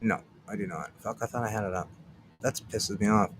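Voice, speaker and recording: A Canadian man hosts a casual solo livestream, rambling and sarcastic, muttering to himself between remarks. He talks a little fast in a lowish voice, with soft background music behind him.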